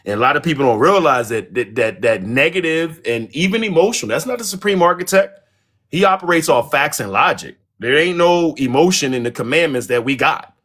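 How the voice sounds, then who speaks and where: Easygoing guy on a podcast, calm and thoughtful, takes his time. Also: fairly high pitch, a little fast. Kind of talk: casual group chat.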